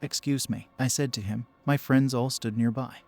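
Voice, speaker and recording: A man narrating a first-person horror story in a steady, measured storytelling voice. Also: medium pitch, faint music behind.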